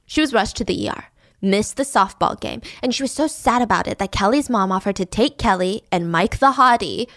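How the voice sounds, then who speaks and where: A woman telling a funny story in a casual, animated, giggly way. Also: medium pitch, brisk, dry recording, clean studio sound. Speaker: podcast storyteller.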